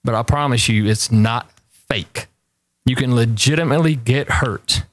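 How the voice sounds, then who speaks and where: A man's voice: mid-range voice, a little slow, no room sound. A man, hosting a show and telling rambling stories with emphatic repeated warnings. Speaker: talk show host. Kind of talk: casual storytelling chat.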